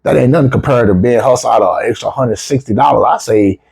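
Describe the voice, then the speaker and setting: A man with features, casually telling a travel story as a vlogger, swearing freely and jumping up in pitch when he quotes himself. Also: fast, creaky, breathy edge. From United States. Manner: animated, profane, rises sharply when quoting himself.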